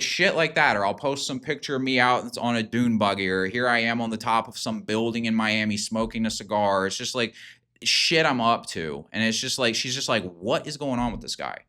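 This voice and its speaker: Man, lowish voice, forceful tone, casual rambling monologue, lots of fillers and cursing. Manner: rambling, filler-heavy, profane; emphatic, hyping. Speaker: self-improvement video host.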